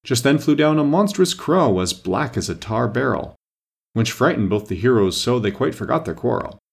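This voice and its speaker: A man narrating a classic children's book with expressive storytelling. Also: medium pitch, moderate pace, vocal fry, husky. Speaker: audiobook narrator. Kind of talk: scripted narration.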